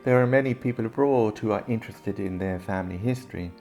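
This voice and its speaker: A man giving calm, measured scripted narration for a documentary film, with guitar music underneath. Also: lowish voice.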